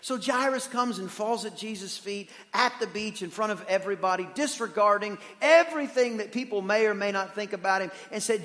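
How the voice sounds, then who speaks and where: A high-voiced man preaching in a church, his voice ringing with long reverb through the hall. He is animated, swinging from loud shouts to hushed, quiet stretches. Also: fairly quick, few pauses. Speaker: pastor. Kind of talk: sermon. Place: church sanctuary.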